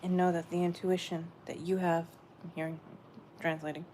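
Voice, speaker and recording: A woman giving a gentle, meandering spiritual message she says she is channeling, often repeating her phrases. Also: on the low side, level tone, moderate pace, slight background noise.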